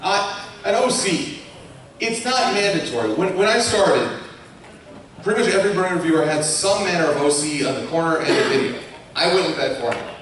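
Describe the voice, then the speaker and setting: His voice sits on the high side, expressive, fairly quick, and a bit bright. This young YouTuber from Colorado, USA, jokes at his own expense while chatting on a live convention panel, recorded from afar in an echoey hall with an audience and faint hiss.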